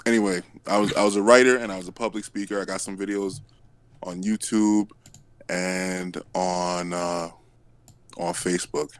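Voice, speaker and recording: Man, lowish voice, dry close sound, rambling debate chatter, self-correcting, jokey. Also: steady tone, normal speed, dry recording. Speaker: debate panelist. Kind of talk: casual online debate chat.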